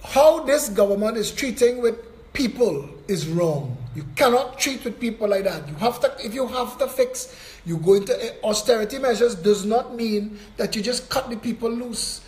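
A man's voice: high-pitched, animated, moderate pace, a little mellow, poor audio. A man hosting a political call-in show, upbeat and reassuring with callers.

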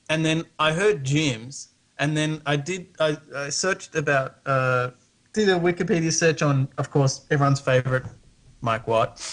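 An Australian man rambles through a curious question on a call, stopping and restarting often. His voice sits a little higher than most men's. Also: a bit bright. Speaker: guest caller. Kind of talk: casual live-stream chat.

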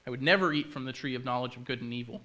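A man's voice: medium pitch, very fast, bright, forceful tone, lightly acted, rough recording. A man voicing the first woman as eager and easily persuaded, wavering then keen. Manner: breathless, wavering then convinced.

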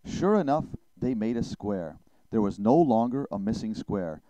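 A man narrating a children's story with a gentle storybook telling. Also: lowish voice, big pitch swings, moderate pace, clean tone, no room sound, dull audio. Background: music.

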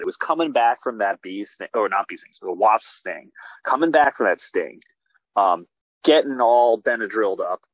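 A man, a filmmaker guest, telling stories in a casual video-call interview with animated restarts. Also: fairly low pitch, slightly rough, no echo. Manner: animated storytelling with many restarts. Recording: dull lo-fi video call audio.

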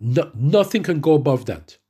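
A man preaching a sermon, reading scripture verses slowly and then preaching with emphatic rises in his voice. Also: on the high side, expressive, warm tone, husky.

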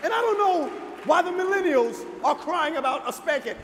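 A man with a high-pitched voice delivers a sermon from a pulpit. His delivery is emphatic and informal, with shouted peaks. Long reverb from a large hall hangs on every line, with faint noise underneath. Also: lively intonation. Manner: emphatic, preaching with shouted peaks and slowed lines; informal, addresses crowd as y'all. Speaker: pastor.

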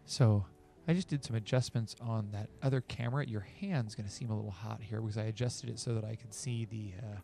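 A man's voice: fairly low pitch, a little fast, gravelly, dark tone, faint music behind. A man running the camera who chats casually in brief remarks with the painting teacher. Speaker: camera operator. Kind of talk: casual chat.

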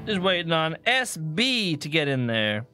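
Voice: medium pitch, sharp tone. A co-host on a game livestream who talks playfully and makes little sound effects. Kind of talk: casual game stream chat.

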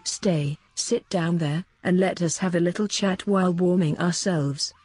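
Calm, pleasant priest, husky and dark-toned, read by a woman. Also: on the low side, unhurried, dry recording. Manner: calm and friendly, then stern warning. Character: calm, pleasant old male missionary priest.

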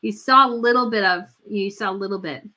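Bright-voiced gushing woman livestream host. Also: mid-range voice, fairly quick. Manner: gushing, chatty, many fillers and restarts. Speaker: royal news livestream host. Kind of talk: casual livestream commentary.

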